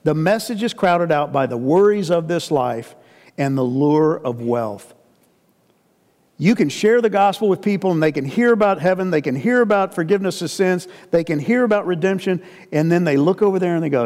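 A middle-aged man preaches, telling stories in a lively way and acting out the people in them. His voice sits fairly high and rings out with a long hall reverb behind it. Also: normal speed. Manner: animated storyteller, acts out quoted voices. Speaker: pastor. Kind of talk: sermon with storytelling.

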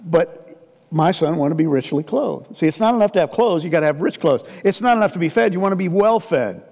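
A middle-aged man preaches, telling stories in a lively way and acting out the people in them. His voice sits fairly high and rings out with a long hall reverb behind it. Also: a little fast. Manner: animated storyteller, acts out quoted voices. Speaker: pastor. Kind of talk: sermon with storytelling.

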